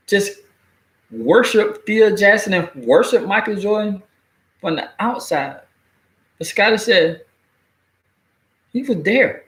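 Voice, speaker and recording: High-voiced man ranting bluntly. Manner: animated, blunt, swears freely, laughs at own jokes. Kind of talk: casual opinion rant. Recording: echoey room.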